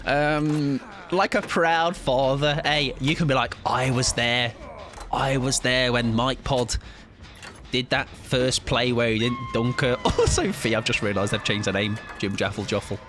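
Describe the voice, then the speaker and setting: A man with a British accent giving animated live gaming commentary, swearing and laughing a lot. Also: mid-range voice, unhurried. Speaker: streamer. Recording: game music playing under the voice.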